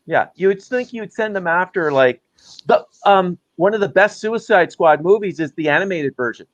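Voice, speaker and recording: A man co-hosting a casual chat, reading out viewer questions briskly. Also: sits high, lively intonation, no room sound. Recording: dull lo-fi audio.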